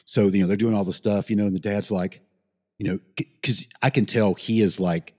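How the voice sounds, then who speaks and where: A man's voice: on the low side, steady tone, a little fast, dark tone, in a large hall. A middle-aged man, a paramedic, telling a rambling story in a casual interview, swearing freely and getting emotional. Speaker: paramedic guest.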